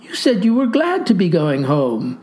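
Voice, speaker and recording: Gentle regretful male director, as read by a woman, storybook tone, soft. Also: on the low side, wildly swooping pitch, moderate pace. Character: adult male orphanage director, gentle and sorry.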